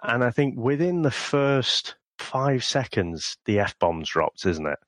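A man's voice: mid-range voice, big pitch swings, takes it slowly, fairly bright tone, no room sound, studio quality. A man co-hosting a film review podcast, easygoing and chuckling as he chats casually. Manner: easygoing, chuckles while talking. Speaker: podcast co-host.

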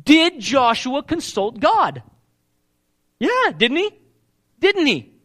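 A man's voice: very high-pitched, takes it slowly. A man preaching a sermon, asking the congregation questions and acting out the lines he quotes. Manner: animated, asks the crowd questions, acts out quoted lines.

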